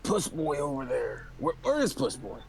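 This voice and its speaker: Man voicing a raging werewolf brute, raspy and high, swinging pitch wildly. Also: huge pitch swings, moderate pace, a little hiss or hum, heavily acted. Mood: seething. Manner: snarling, contemptuous. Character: hot-tempered defiant werewolf man.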